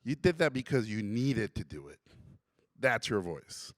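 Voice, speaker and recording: A man voicing a gruff, blunt older male art teacher with a Hungarian accent, speaking slowly and emphatically. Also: lowish voice, very animated, no room sound, clean studio sound, voice pushed down. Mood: emphatic. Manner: slow, stern, emphatic pronouncements.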